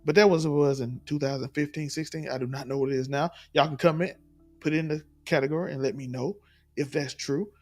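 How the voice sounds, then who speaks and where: A man's voice: fairly high pitch, fairly even intonation, fast, faint music behind. A man from Mississippi, delivering an emphatic, rambling opinion monologue and repeating his points. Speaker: commentator in clip.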